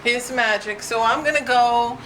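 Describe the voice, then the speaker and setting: A woman's voice: normal speed, slight background noise. A woman vlogger telling a chatty story to the camera about her day, sometimes laughing, a little out of breath. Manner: animated, scolding her cat in high bursts, laughing between lines.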